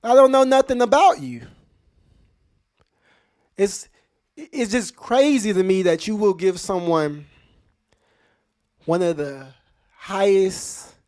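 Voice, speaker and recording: A man's voice: fairly high pitch, dark tone. A man hosting a podcast, talking straight to his listeners in casual commentary, emphatic and full of rhetorical questions. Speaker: podcast host.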